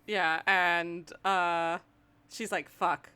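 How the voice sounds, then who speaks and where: A woman guest on a podcast, chatting casually about a cartoon in a relaxed way. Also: lowish voice, measured pace. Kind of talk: casual chat recapping a cartoon.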